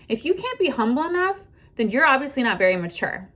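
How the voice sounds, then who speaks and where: Brief: young woman vlogger, slightly high voice, defiant, swears nonstop, phone recording in a car. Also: sing-song, brisk, fairly bright tone. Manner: heated, profane, defiant ranting. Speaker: content creator. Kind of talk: ranting to camera. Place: inside a car.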